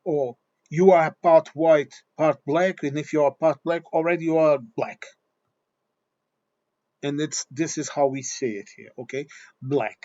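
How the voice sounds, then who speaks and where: A man's voice: fairly high pitch, unhurried, mellow. Blunt, swearing man on a dull recording. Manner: blunt, swearing, repeats himself. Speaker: vlogger. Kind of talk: opinion monologue.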